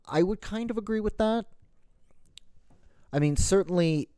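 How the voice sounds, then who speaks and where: A man's voice: lowish voice, warm tone, no echo. A middle-aged man from Canada in a casual solo talk, rambling and correcting himself, with many "you know"s. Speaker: podcast host.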